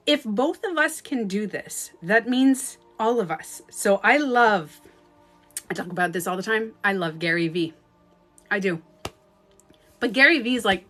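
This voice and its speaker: A Canadian woman coaching in a casual livestream talk, swinging into sudden loud outbursts. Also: medium pitch, expressive, unhurried, soft background music. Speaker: life coach. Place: at home, streaming live. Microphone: phone.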